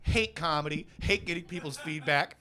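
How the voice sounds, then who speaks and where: A man in his twenties hosting a live stand-up comedy show on a club stage, doing self-mocking, deadpan crowd work into a handheld mic. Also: a little high, moderate pace. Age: 20s.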